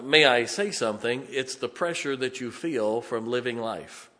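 A male pastor preaching in a church, his voice bright and ringing, with a long reverb trailing behind it. He talks slowly and unhurriedly, telling homey stories before leaning hard into emphatic points. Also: mid-range voice. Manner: folksy storytelling that builds to emphatic preaching. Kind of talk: sermon.

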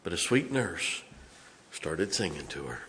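A middle-aged man preaching a storytelling sermon in a church, folksy, swinging from loud to hushed. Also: sits low, big pitch swings, measured pace, a little hiss or hum. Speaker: pastor. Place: church sanctuary.

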